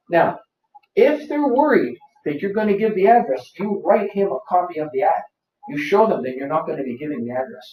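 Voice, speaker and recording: A man's voice: fairly high pitch, lively intonation, normal speed. A man presenting a live seminar workshop, quizzing the audience and repeating his points to drive them home. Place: office seminar room. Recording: roomy, distant, dull lo-fi.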